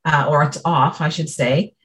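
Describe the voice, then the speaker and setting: A woman's voice: low-pitched, steady tone, normal speed, a bit bright. A woman who is a speech-language pathologist, patiently explaining her work in casual conversation.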